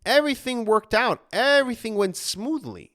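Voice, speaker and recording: A man's voice: very high voice, big pitch swings, moderate pace, a bit bright. A man in his thirties, an anxiety coach, talking earnestly in a motivational monologue full of fillers and restarts. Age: 30s.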